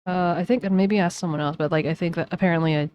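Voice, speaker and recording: Chatty woman streamer, lowish voice. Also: fairly even intonation, quick pace, a little mellow, muffled recording, slight background noise. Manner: chatty, rambling, self-mocking. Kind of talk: casual gaming commentary.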